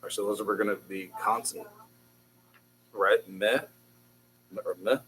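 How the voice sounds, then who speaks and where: A man's voice: on the low side, a little slow, fairly bright tone, slight background noise, rough recording. A man teaching a beginners' Hebrew class, patiently drilling syllables and encouraging his students. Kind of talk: classroom language lesson.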